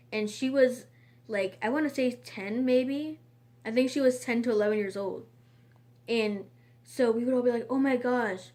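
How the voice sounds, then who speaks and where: Woman vlogging, fairly high voice, casual storytime, rambling, filler-heavy. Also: a little mellow. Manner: rambling, chatty, lots of "like" and "um".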